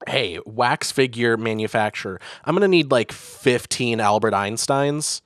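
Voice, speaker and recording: A man playing a scheming museum night guard on the phone, speaking low and drawn-out. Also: smooth, no room sound, close to an everyday voice.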